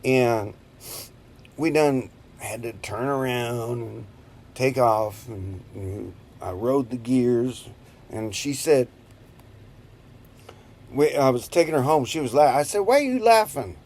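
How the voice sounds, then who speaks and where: Slow, rambling man in his fifties. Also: mid-range voice, a little mellow, a little hiss or hum. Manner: rambling, chuckling, slow-drawling storyteller. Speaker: vlogger. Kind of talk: casual storytelling.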